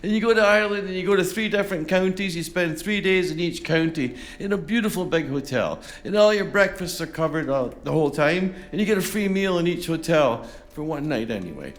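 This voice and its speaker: A man's voice: on the high side, lively intonation, brisk, hardly any pauses. A man chatting between songs at a folk concert, rambling and self-deprecating with lots of fillers, on a stage microphone. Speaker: folk singer-songwriter. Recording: live concert with faint music behind.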